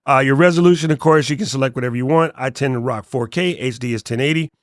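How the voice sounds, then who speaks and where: A relaxed man walks through app settings in a casual, joking way, his voice sinking low at the ends of his sentences. The sound is dry and close, with no room echo. His pitch sits in a medium range. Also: fast. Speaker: tech tutorial host. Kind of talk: casual screen walkthrough tutorial.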